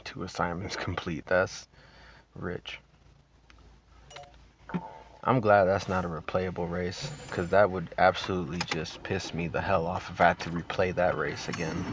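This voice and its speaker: A man's voice: low voice, little pitch movement, unhurried. A man giving frustrated, swearing commentary while playing a racing game, with noisy game sound behind his voice. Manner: swearing, exasperated, grumbling. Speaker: gaming channel host.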